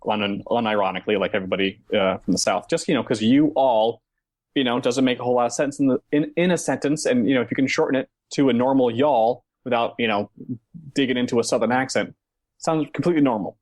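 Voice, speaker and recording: A man's voice: medium pitch, fast, darkish tone. A man from Northern Virginia co-hosting a comedy podcast, telling a rambling story in casual chat. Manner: rambling, self-interrupting storyteller. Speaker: podcast co-host.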